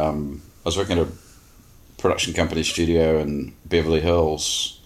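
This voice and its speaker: A man's voice: very deep voice, level tone, normal speed. A man co-hosting a casual podcast, telling a rambling anecdote full of "like" and restarts. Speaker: podcast co-host. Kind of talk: casual chat.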